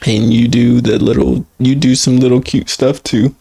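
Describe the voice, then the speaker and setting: A man's voice: mid-range voice, little pitch movement, moderate pace, gravelly, warm tone, breathy edge. A man co-hosting a podcast, joining in with playful, teasing banter in casual chat. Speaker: podcast co-host.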